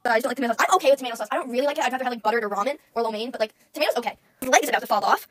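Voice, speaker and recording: A woman's voice: on the high side, very fast, dry recording. A young woman streaming, chatting casually and rambling to her chat, often giggling, close to the mic.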